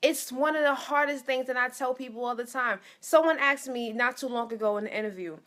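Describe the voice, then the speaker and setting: A woman's voice: high voice, fairly quick, fairly bright tone. A young adult woman sharing a personal faith testimony as a motivational speaker, earnest and often repeating phrases and restarting. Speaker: motivational speaker and life coach.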